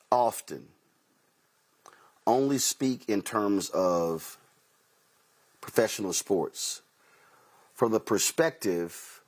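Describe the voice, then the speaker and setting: Husky-voiced man telling stories on air. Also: lowish voice. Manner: storytelling, quotes himself and others in dialogue; emphatic, repeats key phrases. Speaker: host. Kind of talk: talk-show commentary monologue with anecdotes.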